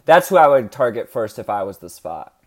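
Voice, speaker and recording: A man's voice: mid-range voice, big pitch swings, slightly rough. A man co-hosting a podcast in casual chat, jokey and rambling as he riffs on a topic. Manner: jokey, rambling, quick to riff. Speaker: podcast co-host.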